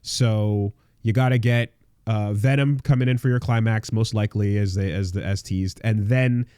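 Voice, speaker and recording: A man's voice: lowish voice, fairly even intonation, moderate pace, mellow, clean tone, dry recording. Rambling, profane man on a dry mic. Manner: rambling, profane, many fillers and restarts. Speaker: podcast co-host. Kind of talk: casual podcast chat.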